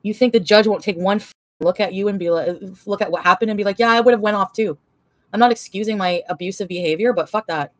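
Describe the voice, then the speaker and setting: A woman's voice: medium pitch, quick pace, no room sound. Profane woman venting on a livestream. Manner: profane, emotional, rambling with many fillers. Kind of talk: angry venting rant.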